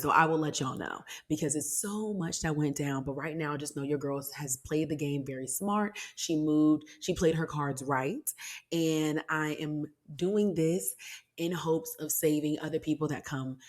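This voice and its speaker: A young adult woman hosting a solo podcast, talking casually and animatedly with sassy asides to her listeners. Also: low voice. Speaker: podcast host.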